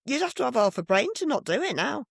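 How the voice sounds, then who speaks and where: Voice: high-pitched, big pitch swings, fast, vocal fry, slightly rough, no echo, studio quality. A podcast co-host chatting casually about politics in a sardonic, blunt way, often giggling.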